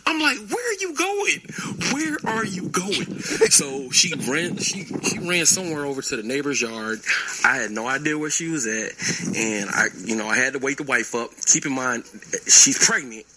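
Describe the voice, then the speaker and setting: A man's voice: medium pitch, sharp tone, low-quality recording. A young man calling in to tell a long story in a casual, rambling way, laughing at himself now and then. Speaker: caller leaving a voicemail.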